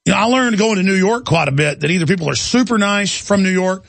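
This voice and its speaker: Male talk radio host, somewhat high, gravelly voice, ranting and indignant. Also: lively intonation, fast talker, fairly bright tone, dry recording.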